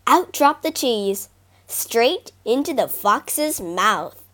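A woman narrating children's fables in a bright, expressive storybook manner. Her voice sits high and swings widely, and she reads unhurriedly. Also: takes it slowly. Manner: lively expressive reading.

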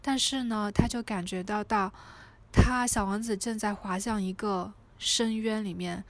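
A woman's voice: medium pitch, steady tone, unhurried. A woman reading and retelling a storybook aloud, hesitant with frequent fillers and restarts.

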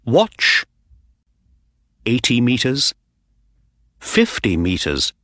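A man narrating an audiobook in a slow, clear reading voice. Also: on the low side, huge pitch swings, a bit bright, no room sound, studio quality. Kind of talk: scripted narration of a graded reader.

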